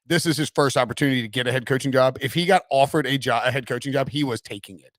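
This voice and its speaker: A man hosting a casual sports podcast, chatty and quick to laugh as he talks. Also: medium pitch, fairly bright tone, no room sound, studio quality. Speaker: podcast host.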